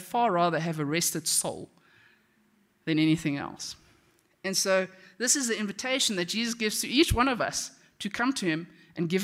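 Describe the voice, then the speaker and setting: A woman delivers a devotional message in a relaxed, conversational way. Her voice is bright and forward. She tells personal stories with friendly asides to her listeners. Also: fairly low pitch. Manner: chatty storytelling with frequent "okay?" asides. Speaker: devotional speaker.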